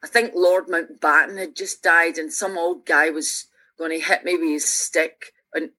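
A woman's voice: low voice, moderate pace. Earnest Glaswegian woman around sixty. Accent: Glaswegian Scottish. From Scotland. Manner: earnest and animated, with frequent restarts. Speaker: musician guest. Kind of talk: reflective conversational storytelling.

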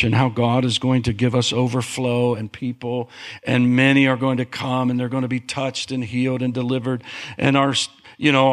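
A man preaching a sermon as pastor, animated, with big pitch swings and calls for amen.

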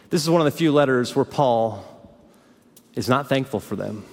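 A man pastor preaching a sermon, swinging between hushed low phrases and fiery raised peaks. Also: lively intonation, moderate pace, long pauses, big-room sound.

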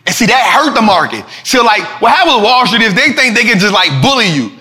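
A man hosting a casual finance talk show, animated and preachy, full of slang and repeating lines for emphasis. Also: high voice, fast talker, soft background music. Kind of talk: casual market commentary.

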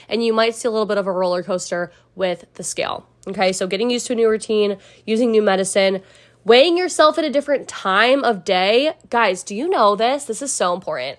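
A young adult woman, a personal trainer, hosting a casual solo podcast and talking straight to her listeners in a chatty, upbeat way. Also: a little high. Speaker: podcast host.

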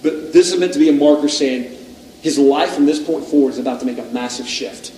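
A man's voice: mid-range voice, brisk, darkish tone, a little hiss or hum. A middle-aged male pastor preaching a sermon in a conversational, self-deprecating way, asking the audience questions. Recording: echoey room, distant mic.

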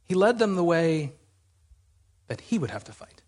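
A man delivering a sermon in a husky voice that sits fairly high for a man. He speaks conversationally and with emphasis, often doubling back to restart a phrase. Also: very animated, moderate pace, darkish tone. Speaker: preacher.

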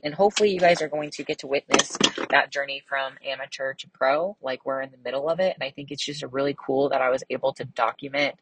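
Young woman podcaster, low and kinda husky voice, chatty and bubbly, crisp enunciation. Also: rough recording. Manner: bubbly, chatty, lots of fillers. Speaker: podcast host. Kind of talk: casual solo podcast chat.

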